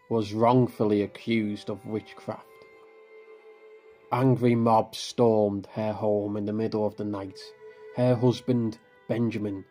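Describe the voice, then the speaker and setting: A man tells a horror story in a grave, measured voice. His delivery is slow and deliberate, his pitch on the low side. Soft music plays faintly behind him. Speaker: narrator. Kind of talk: scripted horror narration. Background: faint background music.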